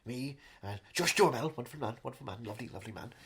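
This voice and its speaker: A man doing a hushed, pompous Welsh actor. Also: medium pitch, expressive, racing, vocal fry, voice pushed down. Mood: murmuring. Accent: put-on Welsh. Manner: hushed, murmuring, repeats "wonderful". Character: pompous soft-spoken older male Welsh actor.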